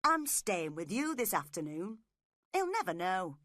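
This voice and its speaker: A woman's voice: mid-range voice, very animated, measured pace, fairly bright tone, dry recording, studio quality. A woman voicing a sullen, jealous young man who speaks bluntly and resentfully. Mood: scheming.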